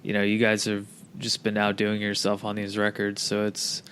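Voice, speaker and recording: A man's voice: fairly low pitch, moderate pace, clean tone. A man hosting a podcast, chatting casually and profanely with a guest. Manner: relaxed, profane, laid-back. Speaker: podcast host. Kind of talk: casual interview chat.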